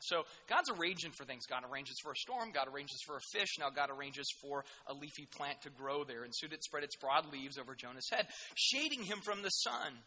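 A male preacher delivers a sermon with a high, very bright and forceful voice. He talks in an animated, jokey way, with sarcastic asides and sudden emphatic bursts. His voice rings with long reverb in a large hall. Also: moderate pace.

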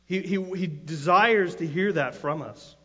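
A man's voice: fairly high pitch, measured pace, sharp tone, husky. Preaching man in an echoing church hall. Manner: conversational storytelling with frequent restarts, rising to emphatic cries. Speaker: pastor. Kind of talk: sermon. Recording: long hall reverb, dull lo-fi sound.

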